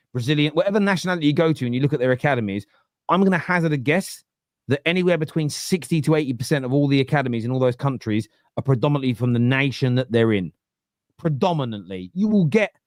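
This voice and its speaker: A man with a Cockney accent hosting a casual football chat, rambling and animated, with lots of restarts. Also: mid-range voice, no echo, clean studio sound. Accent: London Cockney.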